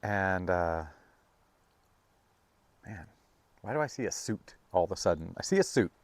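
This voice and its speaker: A man giving a casual, rambling tarot reading, full of fillers and restarts, now and then breaking into high, playful bursts. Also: lively intonation, measured pace, no echo. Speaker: tarot reader.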